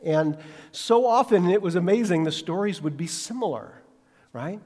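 With a high voice at normal speed and a big-room sound, a man preaches a sermon. He animates his stories, performs the quotes within them, and questions the audience directly.

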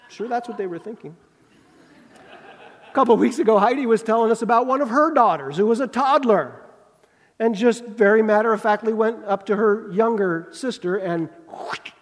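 A middle-aged man preaching a sermon as pastor, conversational and humorous, with lively asides. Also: high-pitched. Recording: long reverb of a large hall.

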